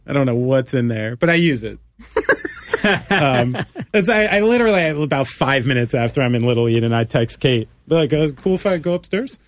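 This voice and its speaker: A man's voice: mid-range voice, lively intonation, normal speed, no room sound. A man hosting a casual chat, rambling and filling his talk with "like.". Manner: rambling, lots of "like".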